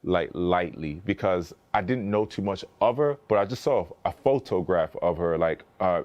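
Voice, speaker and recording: In a conversational interview, a male podcast guest rambles through stories casually, with lots of fillers and restarts, acting out quoted lines. His voice sits low and sounds expressive at a moderate pace, though the highs are cut off.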